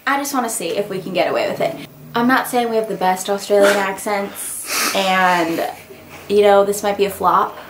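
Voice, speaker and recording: A woman's voice: mid-range voice, normal speed, background noise. Chatty young woman vlogging. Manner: chatty, laughs often. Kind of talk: casual vlog chat.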